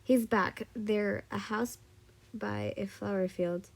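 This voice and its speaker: A woman's voice: medium pitch, steady tone, takes it slowly, gravelly. A woman voicing a blunt, hot-tempered young man in a read-aloud fan story, close to her own voice. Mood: brusque.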